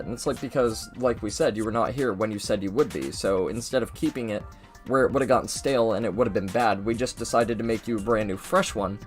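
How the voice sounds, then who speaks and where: Young man rambling through a story. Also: on the low side. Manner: rambling, animated, mimics people in his story. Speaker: gaming video host. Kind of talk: casual storytelling over gameplay.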